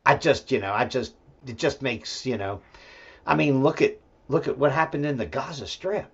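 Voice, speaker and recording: A man's voice: medium pitch, moderate pace, slightly rough. A male host giving a rambling, profane political rant full of fillers and restarts, and talking aside to his dog at home. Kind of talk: solo political commentary rant. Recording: dull lo-fi sound.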